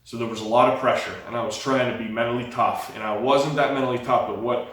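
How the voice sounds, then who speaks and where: A man's voice: mid-range voice, fast. A young man candidly telling his own life story, acting out the quoted dialogue as he goes. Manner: lively retelling, acts out quoted dialogue. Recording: very echoey room, mic far off.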